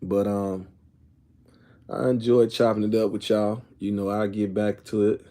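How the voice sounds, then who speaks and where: A middle-aged man with a lowish, warm, level voice talks a little slowly, sharing casual opinions with his viewers. He rambles, frequently says "you know what I'm saying," and occasionally reads comments aloud.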